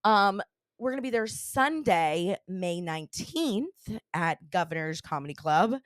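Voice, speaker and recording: A woman's voice: fairly low pitch, lively intonation, measured pace, dry recording, clean studio sound. A woman in her thirties hosting a comedy podcast, chatty and rambling, laughing often. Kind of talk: casual podcast chat.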